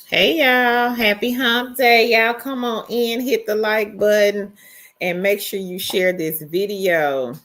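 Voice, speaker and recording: Slow, relaxed woman hosting a livestream. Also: mid-range voice. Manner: greets viewers one by one, drawn-out and relaxed. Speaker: livestream host. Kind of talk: casual livestream chat, reading viewer comments.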